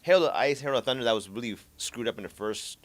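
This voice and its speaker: Animated man in casual gaming chat. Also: mid-range voice, rapid-fire, soft background music. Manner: animated, laughs often, trails off and repeats words. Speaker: podcast host.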